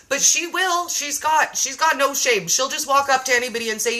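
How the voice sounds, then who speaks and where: A woman hosting a casual live-stream chat, reading viewer comments aloud in an animated way. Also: high voice, normal speed, pauses often, poor audio. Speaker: live show host. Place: home.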